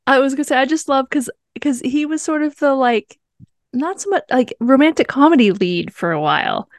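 A woman co-hosting a film review podcast in casual chat, animated and laughing often. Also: high voice, moderate pace, dry recording, studio quality.

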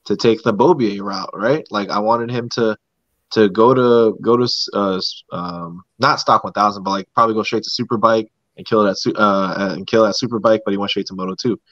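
Dude hosting a chill podcast, rambles a lot, kinda dull lo-fi sound, dry room. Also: male voice, on the low side, fairly even intonation, fairly quick, a bit bright, no room sound. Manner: rambling, repeats words, says bro. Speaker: podcast host. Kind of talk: casual chat.

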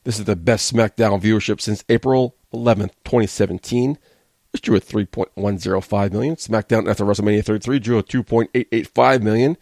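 A man's voice: on the low side, fairly quick, darkish tone, no echo, clean studio sound. A man hosting a wrestling podcast, giving a blunt, sarcastic, casual review and swearing freely.

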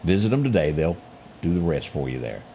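Man, morning show co-host, animated storyteller, low voice with a wide, lively pitch. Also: brisk, gravelly, slight background noise. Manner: animated, sings snippets of lyrics. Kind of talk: casual morning show chat and local headlines.

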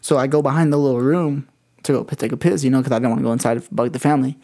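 A man in casual chat, telling a story in profane, animated talk. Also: mid-range voice, rapid-fire, gravelly.

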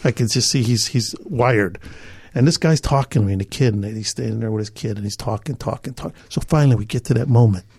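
An older man from Chicago, a podcast guest telling an animated story, acting out other people's lines and laughing as he goes. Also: medium pitch, fast talker, husky, dry recording. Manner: acts out other people's lines, repeats himself, laughs as he talks.

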